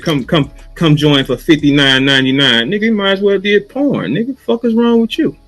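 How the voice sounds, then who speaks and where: A battle rapper from St. Louis goes off in a profane, mocking rant, his voice sitting a touch high for a man. He taunts his target and slips into a droning imitation of a chant. Faint music runs underneath. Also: rough recording. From St. Louis, USA.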